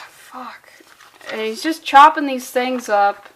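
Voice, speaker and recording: A woman's voice: sits high, slow, a little hiss or hum. A woman reviewing a comic book in a sarcastic, exasperated way, swearing freely and using valley-girl phrasing.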